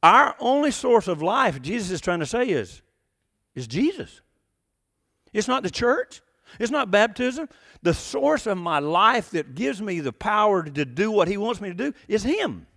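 A man with a fairly high voice preaching a sermon. He keeps it folksy and conversational and keeps asking the congregation questions. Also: sing-song, unhurried, gravelly, fairly bright tone, big-room sound. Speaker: pastor.

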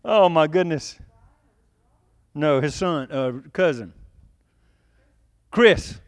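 A man's voice: fairly high pitch, lively intonation, drawn-out words, smooth, no echo, clean studio sound. A man preaching a sermon in a conversational way, often laughing and putting questions to the congregation. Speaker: pastor.

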